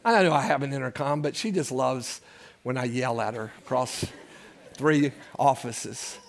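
A man's voice: medium pitch, a little slow, creaky. A pastor in his sixties preaching a sermon, moving between folksy storytelling and fervent appeals, with call-outs to the congregation. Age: 60s. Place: church service.

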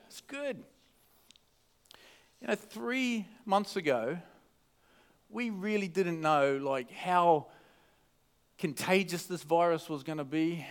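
A man preaching a casual sermon at a church service into a microphone, chatty and joking, often restarting his sentences. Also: on the high side. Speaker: pastor.

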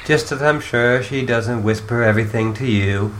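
A woman voicing a calm, formal, dryly witty young female troll in a fan reading of chat logs. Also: very deep voice, slight background noise. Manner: measured, formal wording with dry humor.

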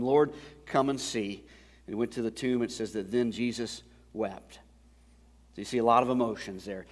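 A man's voice: mid-range voice, moderate pace. Male pastor, conversational sermon delivery rising to emphatic preaching; long hall reverb. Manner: conversational storytelling that builds to loud, emphatic preaching.

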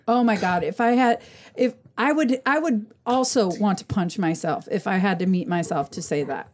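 A woman who chats casually as a podcast guest, telling animated, swearing stories and acting out what people said. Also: mid-range voice, moderate pace. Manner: animated, swearing storyteller who acts out voices. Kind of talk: casual chat.

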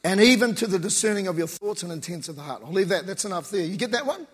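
A man preaching a sermon in a relaxed, slangy, conversational way. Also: high voice, fast, slightly rough. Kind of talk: casual sermon. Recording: long reverb of a large hall.

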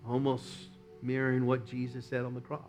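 An American man preaching a sermon as a pastor, swinging from loud exhortation to near-whispers. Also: mid-range voice, completely flat delivery, brisk, lo-fi sound, soft background music.

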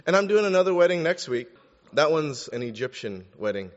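A man gives a sermon in a loose, conversational way, tossing in jokes as he goes. His voice sits a little high for a man. The sound is slightly muffled and trails off in the long reverb of a large hall. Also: sing-song, a little fast. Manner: conversational, joking asides. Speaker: pastor.

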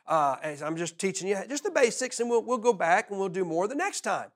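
Animated, high-pitched pastor. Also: male voice, brisk. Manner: animated storyteller, laughs often, repeats words. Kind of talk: sermon.

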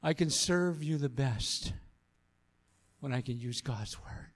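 A man's voice: mid-range voice, takes it slowly. A man pastor giving an earnest sermon, repeating phrases for emphasis as he tells a story and then exhorts the congregation.

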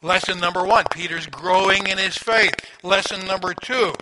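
A man preaching a sermon in a conversational, animated storytelling manner, asking the listeners questions. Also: sits high, normal speed. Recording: audible background noise.

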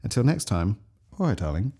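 A man's voice: on the low side, big pitch swings, fairly quick, dark tone, slightly rough. A man co-hosting a podcast in casual chat, playful and crude, often laughing. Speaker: podcast co-host.

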